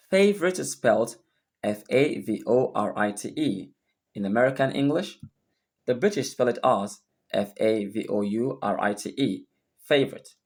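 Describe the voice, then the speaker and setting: A man's voice: fairly low pitch, a little mellow. Man spelling words out as a teacher. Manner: spells words out letter by letter, deliberate teaching delivery. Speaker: English teacher. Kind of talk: recorded lesson.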